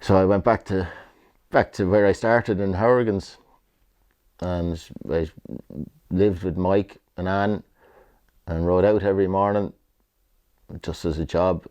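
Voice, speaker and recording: A middle-aged Irish man with a low, deep voice and a mellow, relaxed tone. He rambles loosely through old stories, doubling back on his words and dropping the odd swear in easy conversation. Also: unhurried, long pauses, clean tone. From Ireland. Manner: rambling, repeats himself, swears freely. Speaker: retired jockey. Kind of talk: casual reminiscing interview.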